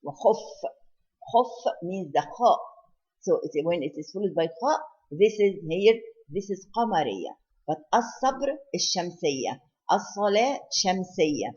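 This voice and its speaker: A woman teaching Quran recitation rules in an online lesson, patiently repeating each example slowly. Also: lowish voice, sing-song, a little mellow, breathy edge. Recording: dull lo-fi recording.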